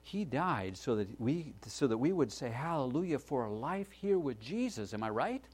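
A man preaching a sermon, telling a story in a folksy, lively way and often checking in with a "right?". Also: mid-range voice, normal speed, few pauses, slightly rough.

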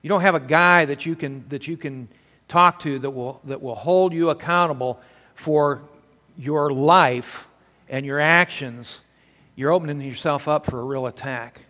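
A man's voice: fairly high pitch, a little slow, sharp tone, long reverb tail. An older man preaching a sermon to men, mixing scripture with folksy stories from his past.

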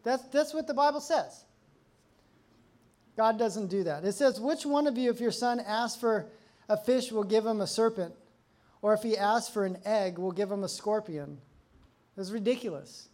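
A male pastor preaching a sermon in a conversational, animated way, acting out quotes while telling stories. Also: high-pitched, moderate pace.

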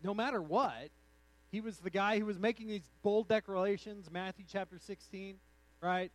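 A man preaching a sermon in an animated, conversational way, acting out the quotes in his story. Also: high voice, moderate pace, no room sound, poor audio. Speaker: pastor.

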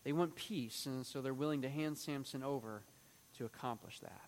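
A man's voice: medium pitch, moderate pace, a little mellow, big-room sound, slight background noise. A man teaching through a Bible passage, reading it aloud and acting out the quoted lines in a raised voice.

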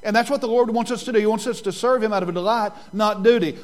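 A man in his sixties preaching a sermon as pastor, earnest and repeating his key points, slowing down for emphasis and then speeding through asides. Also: high voice. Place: church sanctuary.

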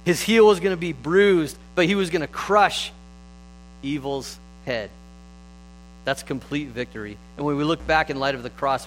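A man giving a sermon, retelling stories in a relaxed, conversational way with animated stretches. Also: medium pitch, slight background noise, low-quality recording. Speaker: preacher.

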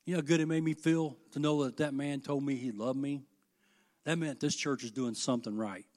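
A middle-aged man preaching a sermon, folksy and impassioned, moving between hushed asides and loud, emphatic peaks. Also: mid-range voice, fairly even intonation, fairly quick.

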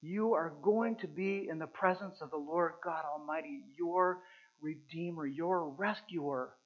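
Man, pastor, sermon, earnest, halting restarts, loud then hushed. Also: a little high. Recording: muffled with mains hum.

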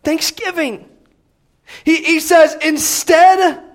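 A man preaching a sermon, swinging between loud, raised urging and hushed, prayerful low tones, reading scripture aloud. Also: steady tone, unhurried. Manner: reads scripture in King James wording, repeats words when emphatic.

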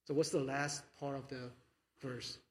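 A male pastor preaching a sermon, moving between quiet reflection and loud, fervent declarations. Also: medium pitch, flat delivery, unhurried. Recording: long reverb of a large hall.

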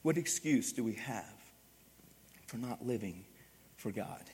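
A man preaching a sermon as pastor, animated, swinging from loud emphatic bursts to quiet, hushed passages. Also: lowish voice, measured pace, slightly rough, long reverb tail.

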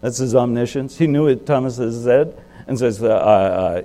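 Male pastor with a warm, mellow tone, chatty sermon, asks the congregation questions, sudden emphatic jumps. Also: moderate pace. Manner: conversational preaching with rhetorical questions; sudden swings in pitch and loudness for emphasis.

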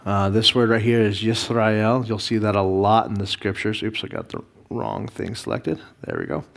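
A man, a pastor, teaching a Bible class, explaining Hebrew words slowly with many fillers and restarts. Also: fairly low pitch, steady tone, creaky. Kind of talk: classroom lesson reading Hebrew.

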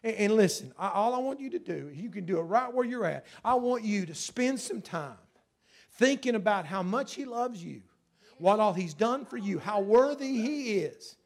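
A man's voice: sits high, lively intonation, moderate pace, vocal fry. A male pastor preaching a sermon and leading prayer, earnest, with a repetitive preaching cadence.

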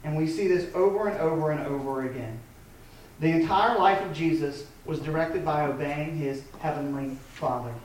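A man's voice: fairly high pitch, moderate pace, a little mellow, slight background noise. A man in his thirties preaching a sermon as a pastor, talking in a loose, conversational way with frequent restarts. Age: 30s. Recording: echoey room from a distant mic.

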